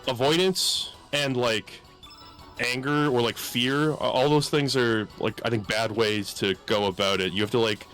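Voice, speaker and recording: A man's voice: mid-range voice, steady tone, a little slow, a bit bright, soft background music. A man guesting on a gaming podcast, talking in a thoughtful, reflective way with many hedging fillers. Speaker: podcast guest who makes videos. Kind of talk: casual chat.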